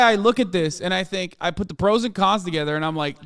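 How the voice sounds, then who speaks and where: A man's voice: high voice, a little fast, few pauses, a bit bright, clear, resonant tone, no echo, clean studio sound. A man in his thirties streaming live, ranting in a heated, profane, argumentative way. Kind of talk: livestream reaction rant.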